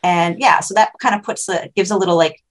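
A woman co-hosting a podcast, upbeat and quick to laugh, chatting casually. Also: fairly low pitch, rough recording. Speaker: podcast co-host and author. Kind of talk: casual chat.

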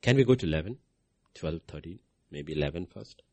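A man's voice: sits low, expressive, a little fast, warm tone, slight background noise. A man preaching a sermon, asking his listeners questions and answering them himself.

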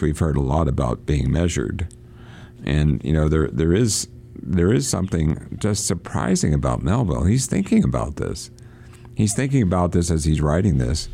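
A man's voice: sits low, creaky, warm tone. A man on a radio program reading passages from a novel aloud and talking them over, with frequent restarts. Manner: reads quoted passages aloud, halting with restarts. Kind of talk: casual reading and discussion on radio. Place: church.

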